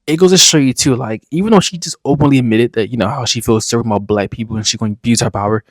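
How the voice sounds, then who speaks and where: A man's voice: mid-range voice, rapid-fire, no echo. Laid-back man with a dry close voice. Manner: laid-back, candid, conversational. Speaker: reaction video host. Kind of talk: casual reaction commentary.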